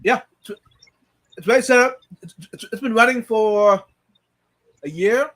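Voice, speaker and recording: A man hosts a casual live stream over a video call, his voice sitting notably high. He talks in halting starts, often repeating words, and reads viewer comments aloud. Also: a bit bright.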